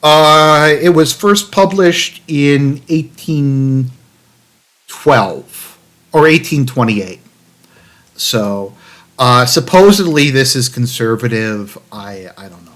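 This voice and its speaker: A man's voice: mid-range voice, expressive, takes it slowly, fairly bright tone. Sarcastic man rambling on a livestream. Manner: sarcastic, rambling with many fillers and restarts. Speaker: political commentary streamer. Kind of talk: livestream commentary reading an article aloud.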